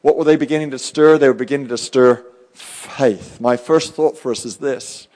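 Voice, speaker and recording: A male pastor giving a live sermon, fervent and swinging between loud and hushed. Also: medium pitch, moderate pace.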